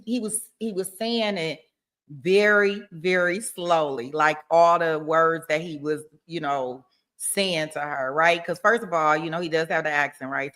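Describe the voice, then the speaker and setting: Woman, livestream host, chatty, laughs a lot, bright forceful voice. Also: low voice. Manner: chatty, laughs often, repeats words. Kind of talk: casual live chat reading viewer comments.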